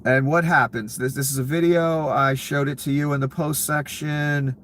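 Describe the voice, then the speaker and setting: A man's voice: medium pitch, moderate pace, slight background noise. Profane, heated male political commentator. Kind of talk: angry political rant.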